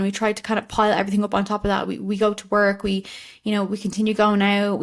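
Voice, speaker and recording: A woman in her late twenties hosts a reflective solo podcast. She speaks in an earnest, candid way at a middling pitch, often pausing on fillers and starting sentences over. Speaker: podcast host.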